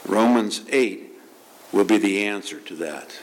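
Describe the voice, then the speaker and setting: A male pastor delivering a sermon, talking in an animated way, asking his listeners rhetorical questions and repeating words as he builds his points. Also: lowish voice, unhurried, a little hiss or hum.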